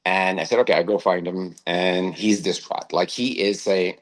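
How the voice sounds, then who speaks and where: Low-voiced man telling a story. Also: steady tone, normal speed, hardly any pauses, poor audio. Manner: anecdotal, tags phrases with "right?". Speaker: co-host. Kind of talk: casual storytelling chat.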